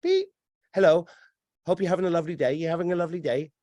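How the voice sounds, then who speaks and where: A man's voice: fairly high pitch, fairly even intonation, racing, mellow, no room sound, lightly acted. A man voicing a glitching, robotic female shop cashier who chirps in a mechanical, repetitive way. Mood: chirpy. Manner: chirpy, mechanical, repeats beeps.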